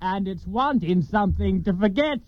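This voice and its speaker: A man's voice: high-pitched, lively intonation. A man voicing a sly, greedy concert hall attendant who hints for bribes, in dry lo-fi audio. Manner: sly, bribe-hinting, drawn-out.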